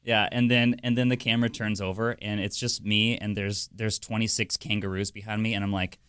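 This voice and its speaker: Laughing low-voiced man telling stories. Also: fairly quick, hardly any pauses, smooth, no echo, studio quality. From America. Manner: animated storytelling, laughs often. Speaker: podcast co-host. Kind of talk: casual chat.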